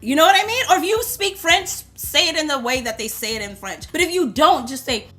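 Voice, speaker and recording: Woman, fairly high voice, bright and forceful, chatty, playful, loud, casual talk to camera, soft music behind. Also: expressive, fairly quick. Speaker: perfume reviewer.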